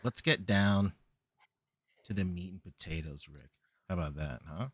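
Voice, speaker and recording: A man's voice: sits low, normal speed, no room sound, clean studio sound. A man hosting a casual podcast, telling stories with frequent laughter and repeated phrases. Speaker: podcast host.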